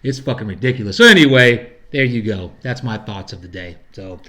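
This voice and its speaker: A man's voice: on the low side, expressive, fairly quick, fairly bright tone. A middle-aged man ranting casually to camera, rambling and profane, acting out the people he quotes. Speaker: vlogger. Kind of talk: casual rant.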